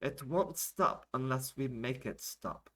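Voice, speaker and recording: A man voicing a woman interpreter, slightly higher than his own voice, who speaks slowly and solemnly. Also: lively intonation, fairly bright tone, slightly rough. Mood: grave. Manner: slow, solemn delivery. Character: woman interpreter, earnest and grave.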